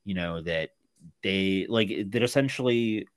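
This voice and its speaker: Male podcast co-host, low-pitched, rambling recap style, dry close sound. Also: measured pace, dry recording. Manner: rambling recap with many fillers, acts out characters' lines. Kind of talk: casual film discussion.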